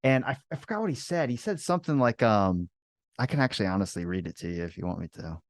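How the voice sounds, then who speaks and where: A man chats loosely on a podcast with a fairly low voice. He is animated and profane, and the sound is dry and close. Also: fast, dry recording. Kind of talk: casual podcast chat.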